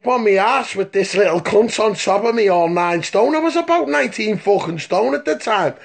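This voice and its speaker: A man's voice: high-pitched, animated, normal speed, vocal fry. A man telling a rambling, profane story in a phone voice message, stopping often to ask "right?". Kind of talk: casual voice-note anecdote.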